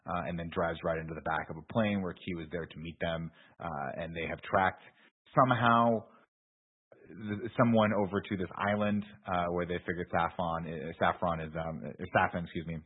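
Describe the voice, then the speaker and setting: A man's voice: low-pitched, fairly even intonation, normal speed, slightly rough. A man co-hosting a podcast, casually recapping a movie plot, swearing freely and acting out quoted lines. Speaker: podcast co-host. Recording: tinny phone-like audio.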